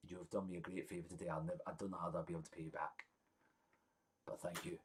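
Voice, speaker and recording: A man putting on a grateful king in a tabletop game, speaking low and hushed. The voice is quiet and earnest, lower than his usual talk. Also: flat delivery, fast talker, slight background noise, close to an everyday voice.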